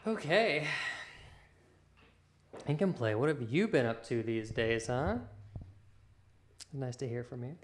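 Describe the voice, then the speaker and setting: A man hosting a casual livestream, chatting with viewers and talking softly to his pet between remarks. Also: medium pitch, expressive, slow pace, pauses often, a little hiss or hum. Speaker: livestream host.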